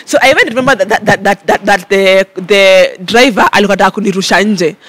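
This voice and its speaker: A woman with a Kenyan accent, recounting her story to an interviewer in a lively way, with many stammered repeats and mixing in Swahili. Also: medium pitch, fast, no echo. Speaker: interview guest.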